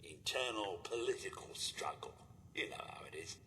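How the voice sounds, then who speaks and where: A man's voice: fairly low pitch, lively intonation, normal speed, bright, forceful tone. A man voicing a brash robot bartender with a London accent, a slangy haggling hustler. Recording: game audio with reverb and faint hiss.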